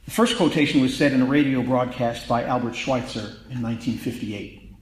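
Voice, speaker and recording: A man's voice: medium pitch, a little fast, echoey room, a little hiss or hum, rough recording. A man preaching a sermon in a conversational, wry way that builds to emphatic peaks. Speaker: pastor.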